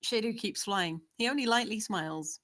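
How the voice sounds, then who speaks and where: A woman's voice: medium pitch, normal speed, a bit bright. A woman narrating, steadily reading out the scene descriptions of a screenplay.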